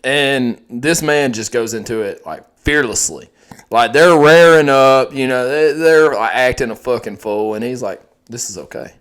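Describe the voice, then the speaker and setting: A man's voice: mid-range voice, a little slow, clear, resonant tone. A young man, telling stories in casual, profane podcast chat as host. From Texas. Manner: profane, animated storytelling.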